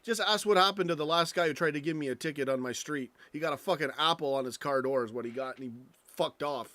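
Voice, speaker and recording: A man's voice: fairly high pitch, fast, a bit bright. A man hosting a live stream, ranting angrily with lots of swearing and rambling stories. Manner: angry, profane, rambling rant.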